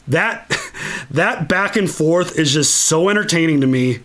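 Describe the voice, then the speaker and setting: Chill guy gushing about movies, swears a lot, talks slow, bit high voice. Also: lively intonation, fairly bright tone. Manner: enthusiastic and profane. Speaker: channel host. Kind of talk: casual movie commentary.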